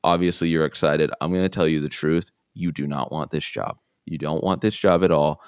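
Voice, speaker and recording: A man's voice: very deep voice, fairly even intonation, a little fast, clean tone, no room sound. A man imitating a lonely, divorced male studio engineer bluntly warning a young man off the job. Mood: weary. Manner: blunt, world-weary warning.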